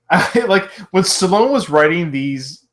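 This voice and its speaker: A man in his thirties co-hosting a podcast, chatting casually about a film, laughing often and quoting lines with excitement. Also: high-pitched, takes it slowly. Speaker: podcast co-host.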